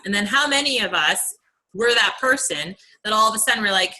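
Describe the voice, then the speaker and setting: Young woman coach, bright voice, earnest and chatty on a team call. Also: mid-range voice, lively intonation, brisk, poor audio. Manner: earnest, chatty, many fillers. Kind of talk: motivational team call talk.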